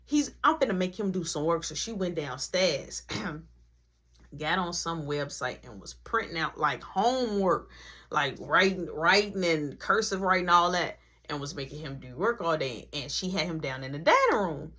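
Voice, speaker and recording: A woman telling a casual story, animated and laughing as she acts out every voice. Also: deep voice, measured pace, slightly rough.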